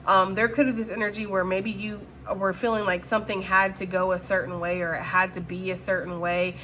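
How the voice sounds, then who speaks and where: A woman's voice: mid-range voice, little pitch movement, brisk, fairly bright tone, slight background noise. A woman giving a casual, chatty tarot reading and addressing her viewers directly. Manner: chatty, full of fillers. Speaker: tarot reader.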